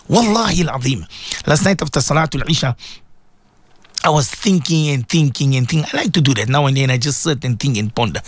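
Animated radio preacher, man. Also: fairly high pitch, dry recording. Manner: preachy, repeats appeals to listeners, rhetorical questions. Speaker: radio presenter and Islamic preacher. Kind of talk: radio sermon talk.

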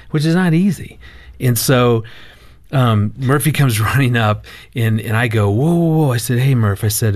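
A man appearing as a guest on a talk show about marriage and telling a family anecdote in an animated way, laughing often and acting out what he said. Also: medium pitch, no echo. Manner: animated storyteller, laughs often, quotes himself.

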